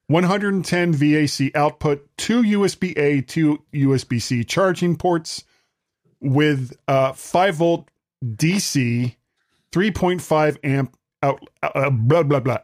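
A podcast host with a fairly high, slightly mellow male voice chats casually about travel gadgets. He's easygoing and jokey, reading off the specs loosely.

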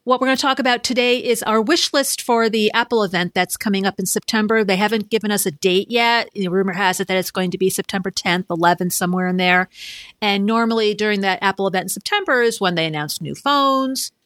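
A woman's voice: mid-range voice, fast, fairly bright tone, no room sound, clean studio sound. A woman hosting a tech podcast in casual chat, upbeat and steering the talk to the next topic. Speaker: podcast host.

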